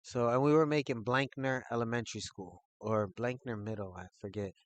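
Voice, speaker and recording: A man's voice: medium pitch, fairly quick. Man rambling through a personal anecdote. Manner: rambling, filler-heavy, animated retelling. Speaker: channel host telling a personal story. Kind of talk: casual spoken anecdote.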